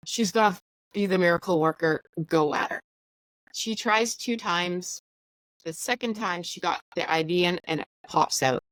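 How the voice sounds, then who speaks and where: A woman casually telling a personal story, chatty and animated, acting out the lines of the people in it. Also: lowish voice, normal speed, no echo, low-quality recording. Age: adult with school-age or older children. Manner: chatty, animated, acts out dialogue. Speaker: podcast host sharing her story.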